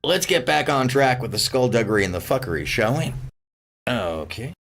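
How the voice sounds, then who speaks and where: A man's voice: medium pitch, normal speed, gravelly. A man hosting a stream, rambling and swearing through casual reaction commentary. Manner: rambling, profane, animated. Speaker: streamer host.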